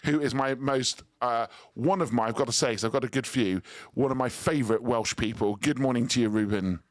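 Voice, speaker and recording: A man's voice: mid-range voice, brisk, no room sound. A man hosting live radio from a studio, upbeat and teasing with his guests. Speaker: radio host.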